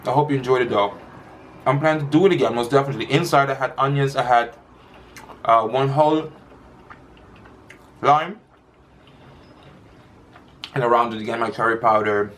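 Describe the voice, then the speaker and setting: A man's voice: mid-range voice, normal speed, pauses often, a bit bright. Chatty man eating on camera. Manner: chatty, rambling, eating between words. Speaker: mukbang vlogger. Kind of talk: casual chat while eating.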